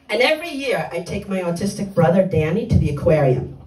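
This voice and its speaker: An older woman doing a stand-up comedy set on a club stage, delivering blunt, dark one-liners with punchy timing. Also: lowish voice, sing-song, brisk, reverberant, far from the mic, poor audio.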